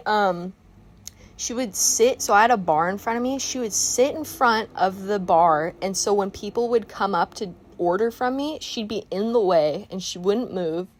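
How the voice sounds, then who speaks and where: A young woman chatting casually while painting, telling a work storytime in an animated, exclamatory rant. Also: medium pitch, no room sound. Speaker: art vlogger telling a story time.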